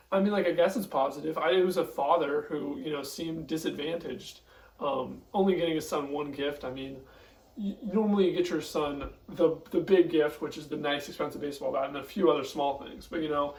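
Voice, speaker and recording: A man's voice: a little high, a little mellow, echoey room, distant mic, poor audio. A man talking casually to his viewers, rambling with lots of fillers and restarts while he is tearful. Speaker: vlogger. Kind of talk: casual confessional monologue. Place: home kitchen.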